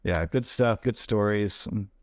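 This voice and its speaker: A man who works as a stuntman, telling lively anecdotes in a casual interview and acting out what people said. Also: on the low side, a little slow, clean tone, dry recording, clean studio sound. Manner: animated anecdotes, acts out quoted voices. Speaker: stuntman guest.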